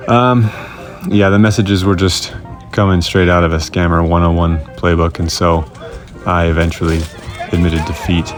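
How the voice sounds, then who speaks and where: A man's voice: low voice, level tone, moderate pace, music in the background. A man hosting his own vlog, narrating in a casual, scripted way with wry, self-mocking humor. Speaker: vlog host.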